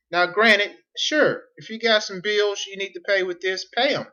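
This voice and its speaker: A man's voice: sits high, fairly even intonation, normal speed, hardly any pauses, sharp tone, lo-fi sound. A man coaching on online business at a whiteboard, repeating key points and asking rhetorical questions. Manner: repetitive, emphatic, asks rhetorical questions. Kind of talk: whiteboard teaching monologue.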